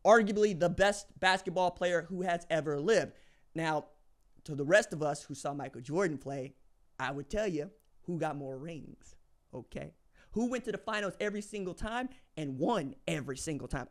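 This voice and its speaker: A man hosting a sports podcast, delivering an opinionated monologue in casual slang, swinging from low asides to loud hype shouts. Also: normal speed. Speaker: podcast host.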